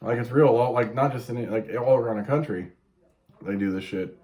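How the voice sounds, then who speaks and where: A man's voice: medium pitch, normal speed, warm tone. A man in casual chat, earnest and rambling, swearing as he goes.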